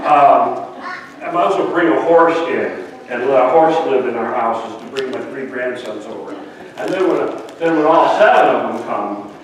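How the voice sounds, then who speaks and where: A man's voice: medium pitch, a little hiss or hum. An older man, a grandfather and pastor, preaching a sermon with playful asides and stories told to the congregation. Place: church sanctuary. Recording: echoey church hall from far off.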